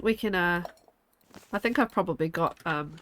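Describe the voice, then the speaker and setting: A woman's voice: on the low side, moderate pace, fairly bright tone. A woman, streaming a game and chatting with viewers in a rambling, giggly way. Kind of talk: casual live-stream chat while gaming.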